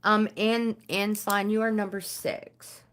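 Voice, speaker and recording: An older woman hosting a casual live stream, reading oracle cards to viewers and often pausing to search for words. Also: mid-range voice, flat delivery, a bit bright, slight background noise. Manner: hesitant, searching for words, many fillers.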